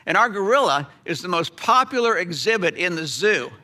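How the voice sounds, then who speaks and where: A man voicing an eager female zoo hiring manager who talks in a hurried, pleading way. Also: high-pitched, sing-song, bright, forceful tone, full character voice. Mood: coaxing.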